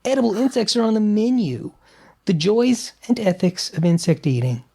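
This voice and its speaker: Gravelly, animated man chatting on a podcast. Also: high voice, normal speed. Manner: animated, opinionated, many restarts. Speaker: podcast co-host. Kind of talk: casual podcast chat.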